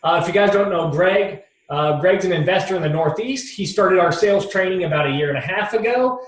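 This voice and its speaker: A man hosting an interview, introducing a guest in a relaxed way with lots of fillers. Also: sits high, brisk. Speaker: host. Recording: echoey room, distant mic.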